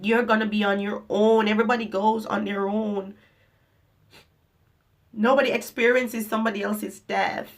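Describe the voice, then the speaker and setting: A woman's voice: mid-range voice, flat delivery, normal speed, long pauses. A woman vlogger and mother speaking to the camera in a heartfelt, emotional pep talk, repeating her phrases for emphasis. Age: adult mother. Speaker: vlogger and herbal products maker.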